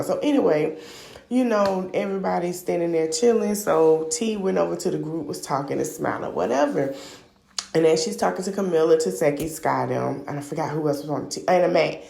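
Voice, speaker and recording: A woman's voice: fairly low pitch, a little fast, vocal fry, warm tone, roomy sound. A woman hosting a podcast, casually recapping a reality show in a gossipy, opinionated, slangy way. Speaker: podcast host.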